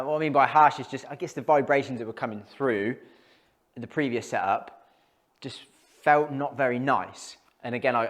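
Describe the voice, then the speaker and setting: A man talking casually between shots as he tests golf clubs in an indoor studio, thinking aloud and reacting to each hit. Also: medium pitch. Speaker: golf club tester. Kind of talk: casual hitting commentary.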